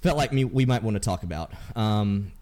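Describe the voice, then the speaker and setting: A man's voice: lowish voice, animated, moderate pace, darkish tone. A man hosting a casual gaming podcast, rambling with lots of ums and restarts. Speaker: podcast host.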